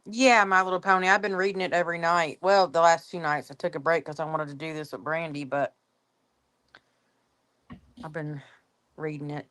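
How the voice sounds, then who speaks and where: A woman's voice: low voice, flat delivery, normal speed, pauses often, fairly bright tone. A woman on a livestream panel, chatting casually and laughing often. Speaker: panel guest.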